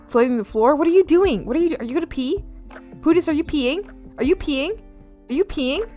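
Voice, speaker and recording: A high-voiced young woman chatting on a live art stream, her pitch bouncing all over as she laughs and yelps at her pets. She rambles casually to her viewers, and soft music plays underneath. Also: fairly quick. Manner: giggly and animated, yelling playfully at her pets.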